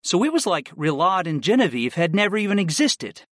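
A man narrating a fantasy audiobook in the first person, telling it in a steady, expressive way. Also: sits high, a little fast, no room sound, studio quality.

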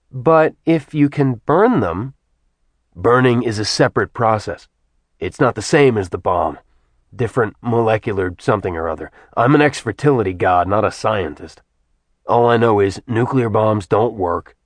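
A man playing a weary, gruff ex-god. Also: fairly low pitch, no echo. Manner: dry, weary, blunt.

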